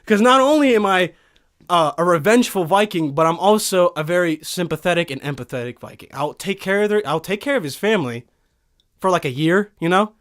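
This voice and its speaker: A man's voice: sits high, brisk. Young guy ranting and cussing on a podcast, voice jumps all over, studio mic. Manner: animated, swearing, storytelling rant. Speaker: podcast host. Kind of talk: profane comedic rant.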